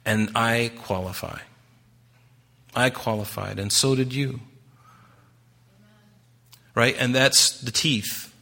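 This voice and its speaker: Bright-voiced male preacher asking questions. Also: mid-range voice, fairly even intonation, slow, creaky, pauses often. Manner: conversational preaching with rhetorical questions; acts out quoted voices. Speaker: pastor. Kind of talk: sermon.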